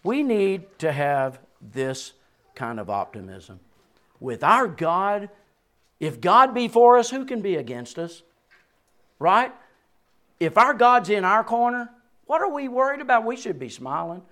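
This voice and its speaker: A man in his sixties delivers a sermon, his fairly high voice leaping up in bursts and falling low and soft. He chuckles now and then between points. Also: a little slow. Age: 60s. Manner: animated preaching with sudden rises and drops. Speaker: pastor.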